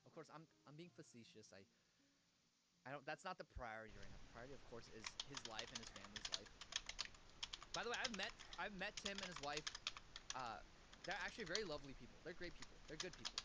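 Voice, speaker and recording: A man's voice: on the high side, lively intonation, quick pace, noisy background. A young man hosting a livestream, reacting to clips with mocking, slangy commentary. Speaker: livestream host.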